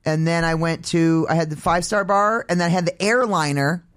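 Middle-aged maine guy, high voice, swears a lot, rambles, laughs a bunch. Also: fairly even intonation, normal speed, a bit bright, smooth. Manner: profane, rambling, laughs often. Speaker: host and concert promoter. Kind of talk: casual chat.

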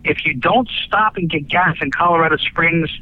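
A man's voice: a little high, moderate pace, dry recording. Folksy storytelling man on a dull line. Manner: folksy, many fillers and restarts, breezy cursing. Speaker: guest, radio broadcaster and author. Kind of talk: rambling anecdotal storytelling.

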